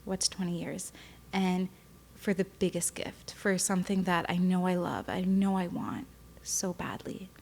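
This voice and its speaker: A woman's voice: on the low side, fairly even intonation, measured pace, gravelly, darkish tone, a little hiss or hum. A young woman speaking candidly as a podcast guest, often emotional and tearful, with many fillers. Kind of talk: candid personal interview.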